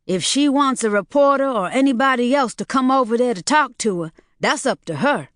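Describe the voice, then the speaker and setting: In a clean studio recording with no room sound, a woman voices an indignant man protecting his sister. She speaks fairly quickly with lively intonation and a fairly bright tone, pitched higher than her own natural voice.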